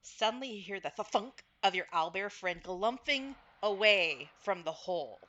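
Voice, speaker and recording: A woman's voice: mid-range voice, expressive, normal speed, a bit bright, highs cut off. A woman narrating a tabletop game as game master, recapping with frequent fillers and self-corrections.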